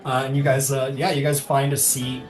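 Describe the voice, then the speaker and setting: A man's voice: mid-range voice, completely flat delivery, moderate pace, reverberant, soft background music. A man running a tabletop game as game master, narrating in a loose, chatty way with frequent laughter.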